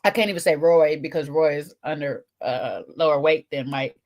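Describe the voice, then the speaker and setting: A woman's voice: low voice, moderate pace, a little mellow. A woman, co-hosting a casual chat show, talking to viewers while eating, with teasing asides. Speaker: podcast co-host.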